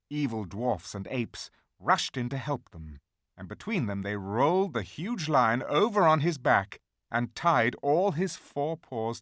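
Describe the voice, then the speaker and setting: A man narrating a fantasy audiobook in a measured, dramatic storytelling manner. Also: fairly low pitch, a bit bright, no echo, clean studio sound.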